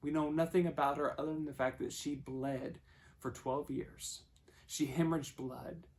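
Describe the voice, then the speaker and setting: A man preaching a sermon, telling the story and acting out the voices he quotes, moving between hushed and loud passages. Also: on the high side, steady tone, moderate pace.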